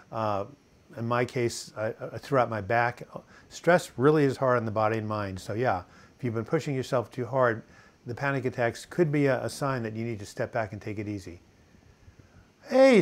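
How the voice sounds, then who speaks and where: An older man talks at a webcam from his home, hosting a live stream about mental health. He rambles in a relaxed way and reads out viewer questions. His speech is full of fillers and restarts. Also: medium pitch. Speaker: host of a live video chat on mental health. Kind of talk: casual live-stream chat reading viewer comments. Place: home in Portland, US.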